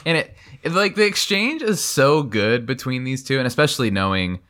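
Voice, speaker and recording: A man's voice: mid-range voice, animated, normal speed, a bit bright. A young man co-hosting a podcast, casually retelling a book's scenes and laughing easily as he goes. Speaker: podcast co-host. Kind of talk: casual book discussion.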